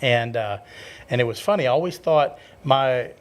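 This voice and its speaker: A man's voice: mid-range voice, moderate pace. A man from Texas with a southern drawl, a guest telling stories in a casual interview and laughing often. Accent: Texan southern drawl. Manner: chatty storyteller, laughs often. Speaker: guest filmmaker.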